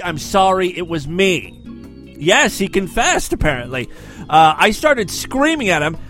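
A man's voice: high-pitched, fairly bright tone. A man hosting a show, reading odd news stories aloud with sarcastic jokes, stumbling over foreign names. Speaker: podcast host.

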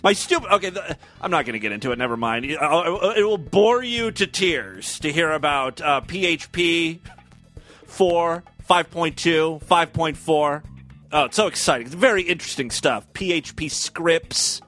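A sarcastic male podcast host who rambles and swears as he talks. His voice sits a bit high for a man, and faint music plays behind him. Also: lively intonation, moderate pace, sharp tone. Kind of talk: casual monologue and comic reading.

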